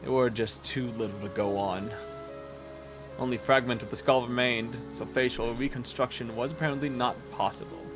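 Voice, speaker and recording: Man reading as a diligent young assistant, formal and precise, mid pitch, game music behind. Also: steady tone, normal speed, close to an everyday voice. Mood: earnest. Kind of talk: reading game dialogue aloud.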